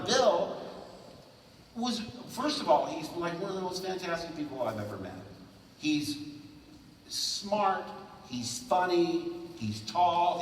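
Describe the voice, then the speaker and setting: A man's voice: a little high, slight background noise. A man in his sixties telling stories as a guest at a fan convention panel. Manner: animated, breaks into quick character voices. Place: large convention hall. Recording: roomy hall from a distance.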